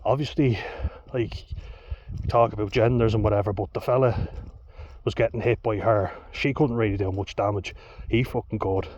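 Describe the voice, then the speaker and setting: A man's voice: on the low side, fairly even intonation, moderate pace, darkish tone. A young Irish man telling a story in a casual, blunt way, swearing freely and laughing between lines. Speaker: vlogger. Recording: dull lo-fi with faint hiss.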